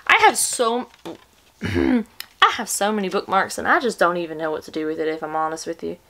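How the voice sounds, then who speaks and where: A woman's voice: on the low side, a little fast, pushed and bright, slight background noise. A woman voicing a playful, exaggerated Southern US accent of her own invention, hamming up a folksy drawl. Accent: put-on Southern US.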